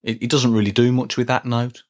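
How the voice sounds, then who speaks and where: A man's voice: medium pitch, level tone, brisk. Chatty man hosting a podcast. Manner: chatty, rambling and self-deprecating, with small restarts. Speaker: podcast host. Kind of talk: casual solo podcast talk.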